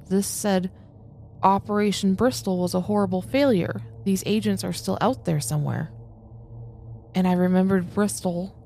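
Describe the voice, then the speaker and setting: Gravelly-voiced woman playing a tabletop game. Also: mid-range voice, mellow, slight background noise. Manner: earnest, hesitant storytelling. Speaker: player. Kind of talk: tabletop role-play.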